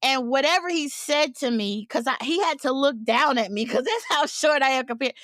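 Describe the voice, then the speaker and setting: A woman co-hosts a casual podcast and tells a story with lots of energy. Her voice sits a little high and sounds dry and close to the mic, with no room sound. She laughs often and acts out the lines of the people in her story. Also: moderate pace, no room sound. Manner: animated, laughing, acts out quotes. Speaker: podcast co-host.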